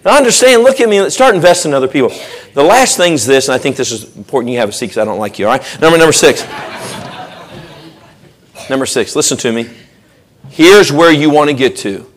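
A man preaching to a church congregation, his voice sitting high for a man. He swings between animated, loud exhortation and quieter, intimate stretches, acting out the voices of people he quotes. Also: a little fast, long pauses. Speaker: pastor. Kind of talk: sermon. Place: church sanctuary.

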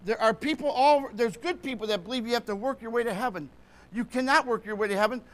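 A man's voice: extremely high pitch, fast. A man preaching a sermon with fervour, often checking that the congregation is following along.

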